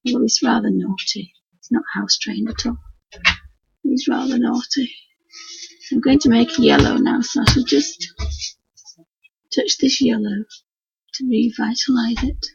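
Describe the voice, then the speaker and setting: A woman from Yorkshire, a craft tutor painting live from her home work desk, talks in a slightly high, very husky voice heavy with gravelly fry, hoarse and croaky, in a homely, rambling Yorkshire way. She goes a little slowly, leaving long pauses. Her computer stream mic gives dull, lo-fi sound that is close and dry, with no room sound.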